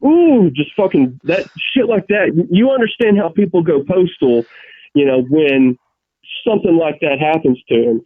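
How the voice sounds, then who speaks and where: A man's voice: on the high side, lively intonation, normal speed, no echo. A man co-hosting a casual chat, telling rambling stories full of restarts and swearing. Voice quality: profane, ranting storyteller. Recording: tinny phone-like sound.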